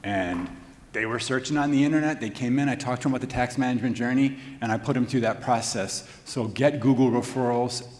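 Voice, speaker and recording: A man on a discussion panel tells his story with animated energy and plays out the quotes he recalls. His voice sits at an everyday middle pitch. A long reverb trails every phrase in the room. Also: a little fast. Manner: animated anecdotes with acted-out quotes and laughs. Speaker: financial advisor, panel guest.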